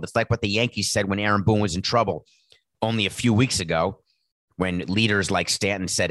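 A man's voice: on the low side, fairly quick, a bit bright, no echo. A man hosting sports talk, worked up and sarcastic as he acts out exchanges between team officials. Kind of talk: animated sports commentary monologue.

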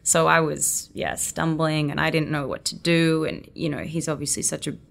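An Australian woman in her twenties with a notably low voice. She tells animated anecdotes as a guest and slips into the voices of her own thoughts as she goes. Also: moderate pace, creaky. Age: 20s. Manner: lively, acts out her own inner thoughts. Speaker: actress guest.

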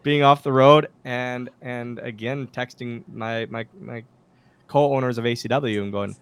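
A man, a former pro wrestler, telling backstage stories as a guest in a casual interview, lively and full of acted-out quotes. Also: mid-range voice, unhurried, clean tone, no room sound. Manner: animated anecdotes, acts out quoted dialogue, many restarts. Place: podcast studio.

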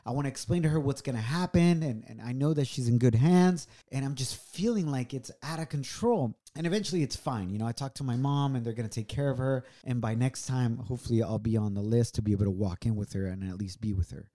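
A man's voice: mid-range voice, quick pace, hardly any pauses, dark tone. A middle-aged man co-hosting a podcast, telling a personal story in an earnest, reflective way. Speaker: podcast co-host. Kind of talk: casual, heartfelt storytelling.

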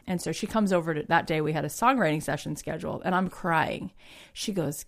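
A woman hosting a casual talk show, telling a personal story in an animated, emphatic way. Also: medium pitch, a little fast. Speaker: podcast host. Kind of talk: casual chat.

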